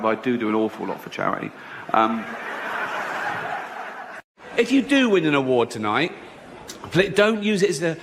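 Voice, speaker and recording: A middle-aged English man works a live stage in a sardonic stand-up routine. His voice sits a little high, and he slips into the voices of the people he quotes. Clear audience noise runs under the recording. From England. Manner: sardonic, mock-boastful, acts out quoted voices. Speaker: stand-up comedian. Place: comedy stage before a laughing audience. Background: audience laughter.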